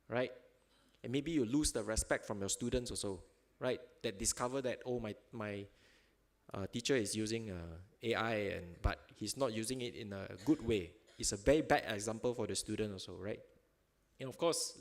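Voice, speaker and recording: A man speaking at a seminar in an auditorium, in loose, informal phrasing with fillers, ending his points with tag questions and chuckling at examples. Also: mid-range voice. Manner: chuckles while telling examples. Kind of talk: conference talk.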